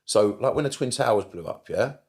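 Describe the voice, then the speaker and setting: A middle-aged man with a fairly low voice talks as a podcast guest. He is animated, swears freely and repeats words to drive points home. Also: a little fast, slightly rough. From United Kingdom. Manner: animated, swears often, repeats himself for emphasis. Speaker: therapist guest. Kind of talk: casual podcast interview.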